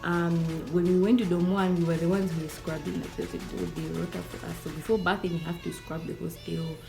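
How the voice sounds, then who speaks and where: A young woman with a Zambian accent telling a casual storytime, animated, acting out the people she quotes between chatty fillers. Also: lowish voice, a little fast, vocal fry, over music. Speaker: YouTuber.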